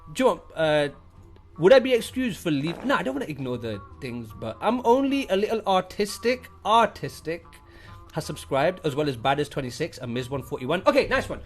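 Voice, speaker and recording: British man, young, lively swooping pitch, fairly high voice, casual profane stream chat, faint music behind. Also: a little fast. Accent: British English.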